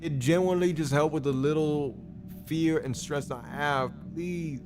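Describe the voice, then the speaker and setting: A man's voice: fairly high pitch, a little slow, over music. A man hosting a stream, giving a comedic dramatic reading of messages in a pleading, rambling way full of stumbles and repeated apologies. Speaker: streamer host.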